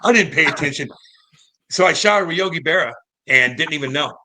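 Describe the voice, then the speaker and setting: A man in his thirties from St. Louis, a former pro hockey player telling stories in a casual, animated and profane interview. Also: on the high side, brisk. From St. Louis, United States. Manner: animated, profane, acts out quoted voices.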